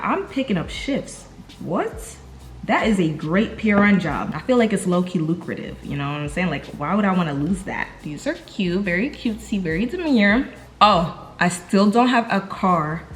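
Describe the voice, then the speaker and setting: A young woman from New York with a New York accent, chatting casually to her viewers at home in a slangy, talkative way. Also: mid-range voice. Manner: chatty, slangy, talks straight to viewers as "y'all". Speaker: vlogger. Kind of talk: casual chat to camera.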